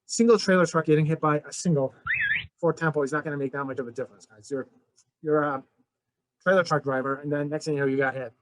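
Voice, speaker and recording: Fast-talking male physics teacher. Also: a little high, fairly even intonation, no echo, low-quality recording. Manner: conversational, addresses students as guys, frequent restarts. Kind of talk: recorded lecture.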